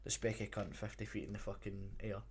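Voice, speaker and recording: Low-voiced young man, blunt. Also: flat delivery, brisk, a little hiss or hum. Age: 20s. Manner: blunt, sweary, laconic. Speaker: podcast co-host. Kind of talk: casual chat.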